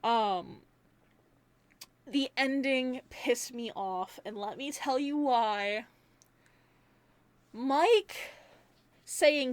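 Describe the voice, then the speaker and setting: High-voiced ranting young woman. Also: drawn-out words, long pauses, no echo. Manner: animated, ranting, swears freely; rambling, many fillers. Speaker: movie reviewer. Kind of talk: casual spoken review.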